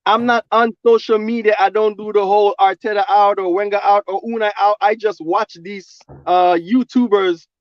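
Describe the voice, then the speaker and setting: A man's voice: sits high, fairly even intonation, moderate pace, few pauses, no room sound, lo-fi sound. A man calling in to a live stream, insistent and defensive, interrupting to make his point. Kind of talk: call-in argument.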